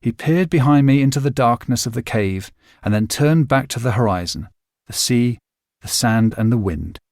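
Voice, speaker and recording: A man reading a novel aloud as its narrator in a measured, expressive storytelling manner. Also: mid-range voice, dry recording, clean studio sound. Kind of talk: scripted narration.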